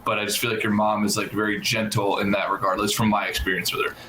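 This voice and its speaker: A man co-hosting a podcast speaks in a casual, hesitant way, leaning on "like" and "um" as he works through his thoughts. His voice is low. It rings in an echoey room with a faint hiss behind it. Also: little pitch movement, fast talker, pushed and bright. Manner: hesitant, fills with "like" and "um", short affirmations. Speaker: podcast co-host. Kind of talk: casual chat.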